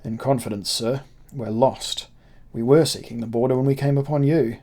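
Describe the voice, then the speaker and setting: A man's voice: medium pitch, fairly even intonation, moderate pace, warm tone, close to an everyday voice. A man voicing an earnest, proud young German revolutionary in a storybook reading.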